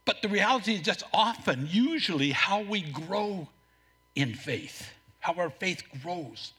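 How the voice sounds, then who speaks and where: A man preaching a sermon as pastor, earnest, telling a story, with a few halting restarts. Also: high-pitched, big pitch swings, pushed and bright, husky.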